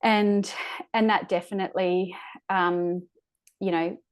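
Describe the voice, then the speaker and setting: A woman, a podcast guest, recounts a personal birth story in a halting way, searching for words and restarting her sentences, sounding close to tears at times. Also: fairly low pitch, steady tone, smooth.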